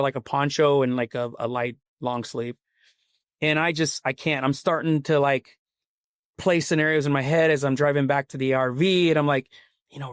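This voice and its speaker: A company CEO appearing as a podcast guest tells a long personal story, casual, rambling and earnest, packed with "like" and "you know." His medium-pitched voice is captured in clean studio sound with no echo.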